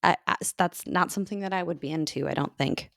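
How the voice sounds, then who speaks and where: A woman with a low voice co-hosts a relaxed podcast, rambling through her points with fillers and giggles. Her voice sounds dry and close, with no room around it. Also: quick pace, gravelly, dry recording. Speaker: podcast co-host. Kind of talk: casual chat.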